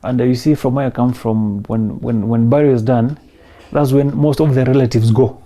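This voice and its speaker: A man in his thirties with a Kenyan accent, telling his personal story in an emotional, soft-spoken way and mixing in Swahili phrases. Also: mid-range voice, steady tone, moderate pace. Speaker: interview guest.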